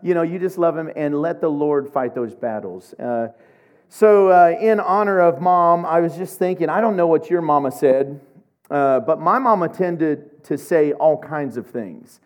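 A middle-aged man from Oklahoma preaching a sermon, telling humorous, animated stories. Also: fairly high pitch, a little slow. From Oklahoma, USA. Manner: humorous, animated storytelling with laughs.

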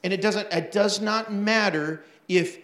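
Animated pastor preaching in an echoey hall. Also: male voice, high-pitched, unhurried. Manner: animated storytelling with laughs and acted-out asides. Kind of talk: sermon.

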